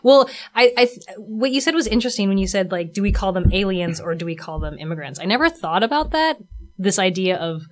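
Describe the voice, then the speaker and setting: A woman hosting a casual interview, chatty and animated as she tells stories and laughs often. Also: mid-range voice, a little fast. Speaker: host.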